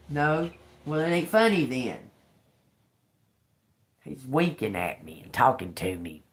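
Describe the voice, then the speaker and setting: A woman's voice: very deep voice, sing-song, slow pace, long pauses. A woman doing a casual live tarot reading, talking loosely, restarting phrases and swearing now and then. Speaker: tarot reader.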